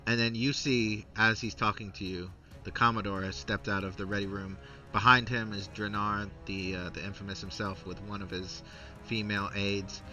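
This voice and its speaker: A man's voice: on the low side, level tone, normal speed, recorded from a distance, muffled recording, over music. A man narrating a tabletop game as game master, hesitant with many fillers.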